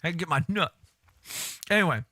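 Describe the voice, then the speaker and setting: A man's voice: a little high, animated, quick pace, sharp tone, no echo, studio quality. A man hosting a live stream, giving casual, crude, joking commentary with laughing asides.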